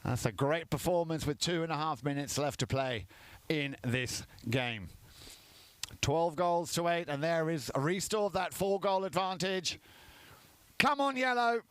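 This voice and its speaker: A man giving chatty live commentary on a polo match, lifting in excitement at goals. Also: on the high side, a little slow, no echo.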